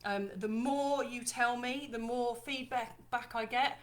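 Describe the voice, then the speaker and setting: This woman's voice is fairly high, with fairly even intonation and an unhurried pace. Hosting a casual live stream for her ebook launch, she chats in a bubbly, apologetic way straight to her viewers, whom she calls lovely ladies.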